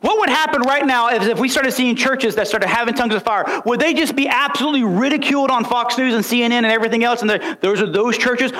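High-voiced man preaching with fervor. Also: fast, hardly any pauses, bright, forceful tone. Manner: emphatic, storytelling, rhetorical questions. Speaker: pastor. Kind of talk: sermon.

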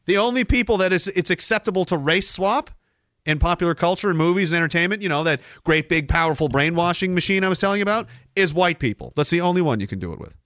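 Hosting a livestream from Canada, a man reads viewer comments aloud and tears into the news with sarcasm and plenty of swearing. His voice sits high and sounds expressive, fast and slightly bright, with clean studio audio and no room sound.

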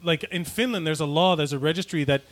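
Joking guy host, kinda high voice, asks lots of questions. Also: a bit bright. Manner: joking, quick questions, laughs often. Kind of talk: casual chat.

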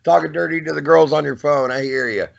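A man's voice: on the high side, creaky. A male radio co-host in casual chat who jokes with his guest and laughs easily. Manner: jokey, quick to laugh. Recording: dull lo-fi audio.

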